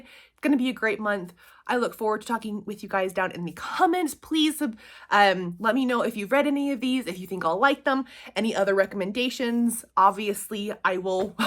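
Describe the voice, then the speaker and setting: A young woman talks straight to her camera from home, chatty and upbeat. She drifts through her thoughts with plenty of ums and small laughs, in a voice of ordinary middle pitch. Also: moderate pace, fairly bright tone. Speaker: booktuber and tutor. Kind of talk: casual chat to camera.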